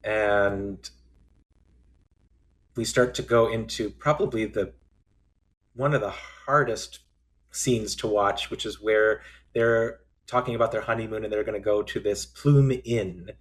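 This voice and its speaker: A man co-hosting a casual film discussion podcast, recapping scenes and acting out lines in quick voices. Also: on the low side. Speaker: podcast co-host.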